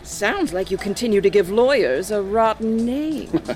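A woman's voice: medium pitch, animated, unhurried, background noise, lightly acted. A woman reading an audiobook in the role of a wry, prim amateur lady detective. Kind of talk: audiobook narration with voices.

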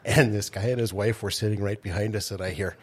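A man's voice: lowish voice, fairly even intonation, fast. A middle-aged man, a comedian's father, telling anecdotes in a dry, matter-of-fact way on a radio interview. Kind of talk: casual radio interview chat. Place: radio studio.

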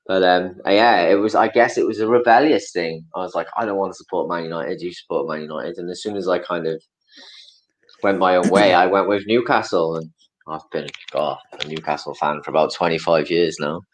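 A man's voice: sits low, steady tone, moderate pace, poor audio. A man in his thirties, from Wales, chatting casually as a guest, rambling and correcting himself with small chuckles. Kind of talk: casual chat.

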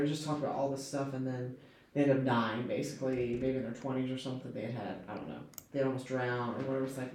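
A man's voice: medium pitch, fairly even intonation, fast, darkish tone. A man chatting casually in a Bible study discussion, full of fillers and acted-out quotes. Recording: very echoey room with faint noise.

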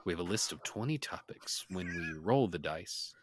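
A man's voice: low voice, lively intonation, normal speed, slight background noise. A man co-hosting a casual podcast, joking around and explaining the show's dice game in a loose, easygoing way. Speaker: podcast co-host.

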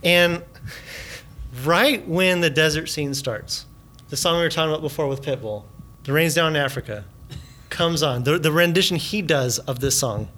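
A man co-hosting a casual podcast, recounting a story in an animated way. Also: normal speed. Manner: animated, quotes himself in a higher voice. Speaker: podcast co-host. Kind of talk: casual chat.

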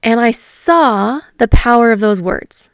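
Earnest woman telling a story. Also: a little high. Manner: reflective, earnest, with pauses and fillers. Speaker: teacher. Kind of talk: personal storytelling.

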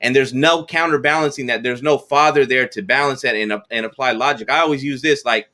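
A man's voice: mid-range voice, fairly quick, sharp tone. A man speaking as a podcast guest in casual chat, often stumbling over and repeating words as he tells his stories. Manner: stammering repetitions, conversational storytelling.

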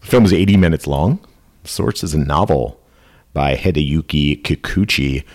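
A podcast host who keeps things loose and jokey, rattling through his notes in quick bursts. His voice sits deep and low. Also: darkish tone. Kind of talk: casual podcast chat.

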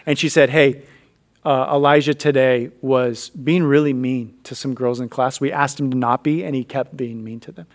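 A man's voice: mid-range voice, moderate pace. A man in his thirties telling a family story in a faith conversation, acting out the voices in it. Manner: animated storyteller acting out dialogue.

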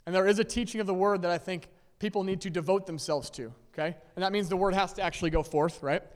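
A man's voice: sits high, steady tone, quick pace, big-room sound. A man preaching a sermon in a conversational way, checking in with listeners often and laughing lightly between points. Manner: conversational, many "okay?" and "right?" checks. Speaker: pastor. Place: church sanctuary with long reverb.

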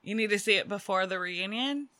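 A woman's voice: mid-range voice, fairly quick, pushed and bright. A woman in her thirties co-hosting a podcast, chatting casually and laughing often. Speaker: podcast co-host. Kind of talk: casual chat.

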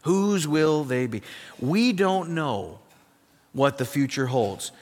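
A pastor from South Dakota delivering a sermon, emphatic and swinging between loud passages and hushed ones. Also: male voice, mid-range voice, big-room sound.

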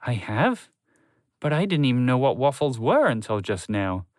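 A man's voice: mid-range voice, big pitch swings, moderate pace, dry recording, clean studio sound, close to an everyday voice. A man voicing a small, timid male mouse in a storybook reading. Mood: unsure.

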